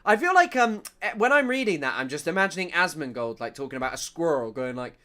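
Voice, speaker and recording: A man's voice: fairly high pitch, very animated, fast talker, hardly any pauses, bright, forceful tone. A man doing casual livestream news commentary, rambling and jokey, laughing often and reading chat comments aloud.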